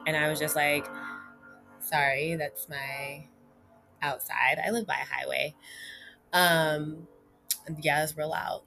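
A woman's voice: sits low, fairly even intonation, a little slow, vocal fry, long pauses, a bit bright, faint music behind. A woman vlogging a frank personal story in a chatty, emphatic way, filling her talk with "like" and "you know.". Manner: chatty, frequent "like" and "you know", addresses viewers as "y'all".

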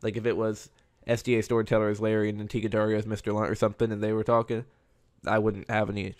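A man with a lowish voice rambles through a solo podcast episode in a loose, chatty way. His delivery stays fairly flat, with little rise and fall. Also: quick pace. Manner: rambling and conversational. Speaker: podcast host. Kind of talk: casual solo podcast monologue.

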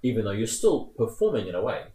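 A man's voice: lowish voice, fast. A man in his thirties with a New Zealand accent, rambling through stories in casual chat. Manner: rambling, animated, laughs while telling stories. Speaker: guest. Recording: roomy echo.

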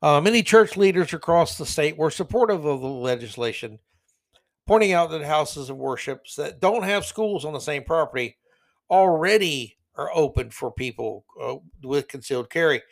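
Casting: male podcast host, blunt and sarcastic opinion commentary, a voice on the higher side. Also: animated, moderate pace, vocal fry.

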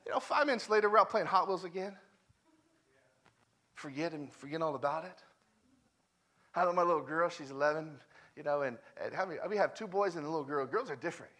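A man preaching in a high, bright, forceful voice, with a conversational sermon full of stories from family life. He repeats his points emphatically and drops from loud declarations to hushed, intimate lines. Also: fast talker, long pauses. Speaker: guest preacher.

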